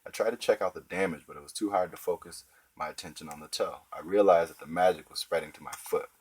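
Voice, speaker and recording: A man's voice: deep voice, fast talker, a little mellow, slightly rough, low-quality recording. A man narrating a children's book in first person, wry and conversational. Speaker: audiobook narrator.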